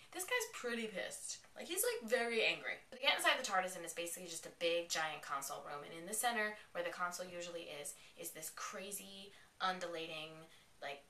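A woman giving an excited, chatty plot recap of a TV episode, full of "like" as she retells the scenes. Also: fairly low pitch, a little hiss or hum. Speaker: TV episode reviewer. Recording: echoey, distant from the mic.

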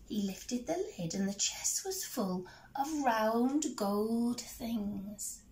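A teacher from England reading a picture book aloud to children, expressive, with asides to her listeners. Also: fairly high pitch, slow pace. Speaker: primary school teacher. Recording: echoey room.

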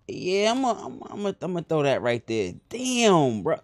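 A young man with a strong New York accent talks in a high, bright register. His banter is brash, streetwise and full of swearing, like live roleplay chat on a stream. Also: huge pitch swings, moderate pace, no echo. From New York area and New Jersey. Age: young adult. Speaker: streamer playing a roleplay game.

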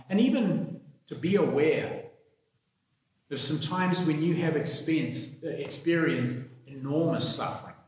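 A man, a priest, reading the gospel and preaching a sermon in a slow, measured, reflective way. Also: medium pitch. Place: church. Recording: echoey church hall.

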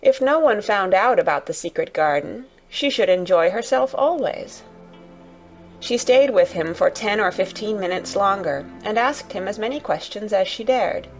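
A woman narrating a classic children's story as a gentle, steady bedtime reading. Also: mid-range voice.

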